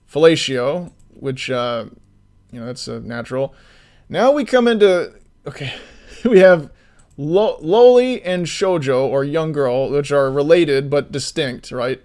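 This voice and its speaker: A man streaming as an indie game developer rants animatedly, swearing freely, then slides into casual explanatory commentary. His voice is a little high and he speaks slowly.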